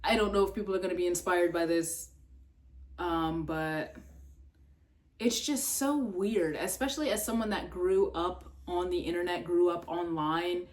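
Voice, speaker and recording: A young adult woman vlogging in a casual, rambling way, full of fillers and swearing, jumping up in pitch when exasperated. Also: measured pace. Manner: filler-heavy, swears, trails off and restarts.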